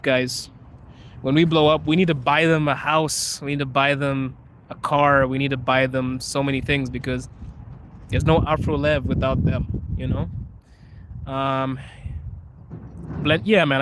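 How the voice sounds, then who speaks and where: A man's voice: mid-range voice, steady tone, a little slow, pauses often, a bit bright, a little hiss or hum. A young man hosting a casual live chat outdoors on a city street, talking in an emphatic, earnest way. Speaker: livestream host.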